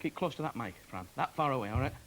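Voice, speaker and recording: A man's voice: medium pitch, expressive, fast talker. A man doing a comic magic act on stage, chatty and self-mocking, chuckling at his own jokes, on a hissy 1990s TV broadcast. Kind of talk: stand-up comedy act.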